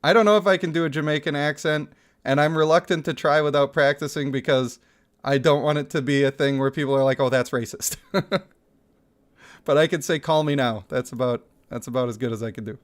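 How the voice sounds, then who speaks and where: A man's voice: a little high, fairly even intonation, brisk. A man in his thirties chatting casually on a livestream, reading out chat messages and laughing often. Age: 30s.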